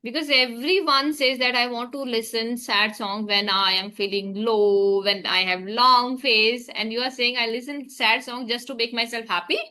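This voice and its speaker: A woman's voice: a little high, fairly even intonation, moderate pace, few pauses, sharp tone. A woman leading an English practice conversation, asking questions and encouraging her partner. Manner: encouraging, asks questions, frequent okays.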